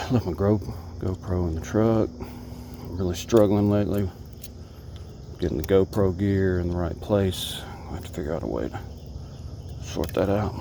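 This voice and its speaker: Man, fishing vlogger, mellow voice, faint outdoor noise, talks to the fish. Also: low voice, unhurried, creaky, long pauses. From Alabama. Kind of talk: casual talk to camera while fishing. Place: kayak on a creek outdoors.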